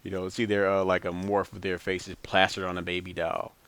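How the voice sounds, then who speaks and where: Low-voiced man ranting bluntly. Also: level tone, fairly quick, fairly bright tone, smooth. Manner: blunt and profane, chuckling between points. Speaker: vlogger. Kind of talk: casual rambling monologue.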